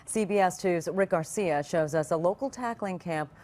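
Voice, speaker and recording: News anchor lady, slightly low voice, crisp read. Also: normal speed, darkish tone. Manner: crisp scripted delivery.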